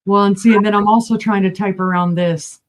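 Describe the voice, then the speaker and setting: A woman's voice: medium pitch, steady tone, a little fast. A woman co-hosting a live online sale, calling bids and chatting between items.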